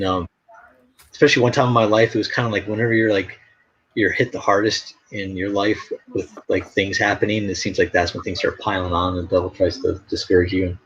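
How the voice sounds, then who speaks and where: An artist hosting a live stream chats casually in a husky, somewhat low voice that's a bit bright. He spins rambling stories crowded with fillers, and the stream audio is dull and lo-fi.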